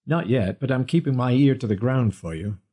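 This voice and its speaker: A man's voice: mid-range voice, lively intonation, fairly quick, mellow, slightly rough. A man voicing a chummy, patronizing show-business agent. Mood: breezy. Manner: chummy, calls him my boy.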